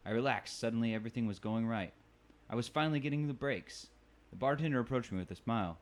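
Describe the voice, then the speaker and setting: A man's voice: medium pitch, fast. A man hosting a book club podcast, reading a novel aloud and now and then stumbling over words.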